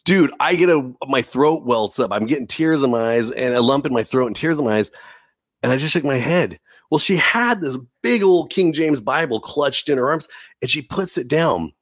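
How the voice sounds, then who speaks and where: A man's voice: medium pitch, expressive, normal speed, dry recording, studio quality. A man giving an earnest, emotional faith testimony as a podcast guest, often saying "dude". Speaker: preacher.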